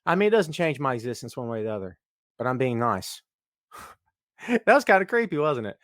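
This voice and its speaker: A man's voice: mid-range voice, sing-song, fairly quick, fairly bright tone, no room sound, studio quality. A middle-aged man hosting a live podcast, joking around and greeting viewers by name in casual, hyped-up chat. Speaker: podcast host.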